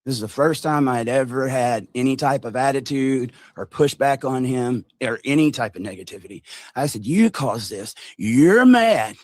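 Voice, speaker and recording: A man telling a long story on a livestream, animated and mimicking the people in it. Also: medium pitch, normal speed, dry recording, studio quality. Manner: animated retelling, mimics others' voices.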